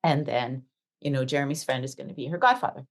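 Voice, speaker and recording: A woman's voice: a bass voice, quick pace. A middle-aged woman co-hosting a podcast, telling a long story in casual chat and acting out the dialogue with animation. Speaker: podcast co-host.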